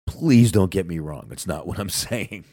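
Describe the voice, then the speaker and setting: A man with a very deep voice hosts a loose wrestling podcast while nursing a sinus cold. He swears constantly and rants with a lively, animated pitch. The sound is close and dry. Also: moderate pace, no room sound. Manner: profane, excitable, ranting. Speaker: podcast co-host. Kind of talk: casual wrestling podcast chat.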